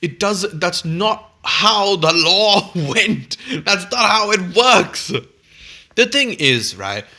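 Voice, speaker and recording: A worked-up man rants through a film review in a bright, fairly high voice. He curses freely and trips over restarts when he gets heated. His tone stays exasperated and fed up. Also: animated, takes it slowly.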